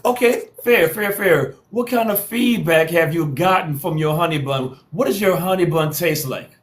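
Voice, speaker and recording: A man's voice: on the high side, moderate pace. A man hosting a live call-in panel show, talking in a slangy, teasing way and repeating lines for effect. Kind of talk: casual live-stream talk.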